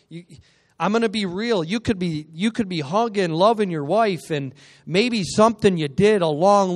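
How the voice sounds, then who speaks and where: Guest preacher, male, high-pitched, energetic and humorous, call-and-response sermon in a church.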